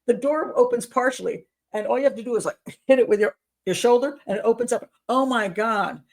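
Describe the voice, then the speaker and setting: A woman's voice: fairly high pitch, brisk. Incredulous, sarcastic woman profiler. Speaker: criminal profiler host. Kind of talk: commentary.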